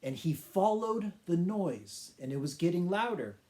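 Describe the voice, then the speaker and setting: Brief: man teacher reading a funny tale slowly, mellow and warm, with playful sound effects. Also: sits high, very animated. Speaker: English teacher. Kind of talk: children's storytelling for English learners.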